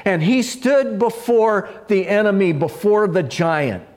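A man preaching a sermon in a slow, measured way, letting his phrases drop low at the ends. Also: expressive, a little mellow. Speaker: pastor.

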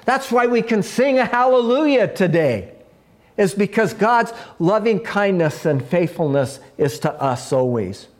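A man preaching a sermon in a slow, measured way, letting his phrases drop low at the ends. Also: expressive. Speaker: pastor.

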